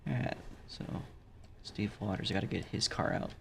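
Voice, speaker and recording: A man's voice: low voice, moderate pace, creaky, a bit bright, a little hiss or hum. A man hosting a racing stream who interviews drivers in a joking, offhand way. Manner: joking, offhand, loose questions. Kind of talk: casual live-stream interview.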